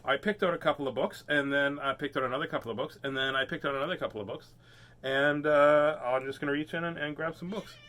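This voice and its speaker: Silly man, high bright voice, bouncy pitch, playful kids' book host. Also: quick pace. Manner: goofy, sing-song, laughing often. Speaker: host reading children's books. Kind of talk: playful live-stream chat.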